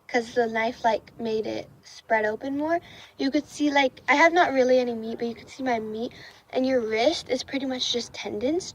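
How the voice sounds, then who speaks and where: A woman's voice: fairly high pitch, a little hiss or hum, poor audio. A young woman telling a casual storytime on her vlog, rambling with lots of ums, likes and restarts. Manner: rambling, many fillers and restarts. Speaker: vlogger. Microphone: camera facing speaker.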